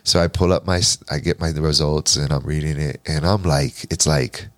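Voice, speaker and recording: A man in his forties, a podcast guest, telling a personal story in casual, animated talk, often quoting himself and swearing. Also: extremely low pitch, moderate pace, dry recording. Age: 40s. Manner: animated, profane, restarts and quotes himself.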